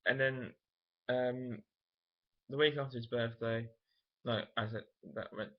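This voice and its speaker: A man's voice: mid-range voice, steady tone, measured pace. Young man, late teens, casual vlog storytelling, rambling, candid, dull lo-fi sound. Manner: rambling, many fillers and self-corrections, candid. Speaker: vlogger. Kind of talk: casual personal storytelling to camera.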